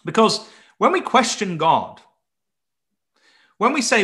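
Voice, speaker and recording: Earnest, animated male preacher. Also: high-pitched, slow pace. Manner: earnest, emphatic, with stammered restarts. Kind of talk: Bible-study sermon.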